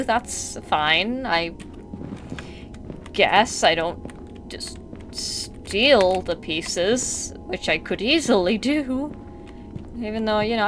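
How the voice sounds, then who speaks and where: A woman's voice: medium pitch, slight background noise. A woman commenting on a horror game as she plays, chatty and sarcastic, talking back to the mannequins and jumping at scares. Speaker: gameplay streamer.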